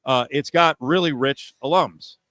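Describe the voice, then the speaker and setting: Brash sports radio host, dry studio. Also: male voice, on the high side, a little slow, no room sound, poor audio. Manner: animated, sarcastic, mocking voices for effect. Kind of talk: sports talk radio banter. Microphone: studio mic.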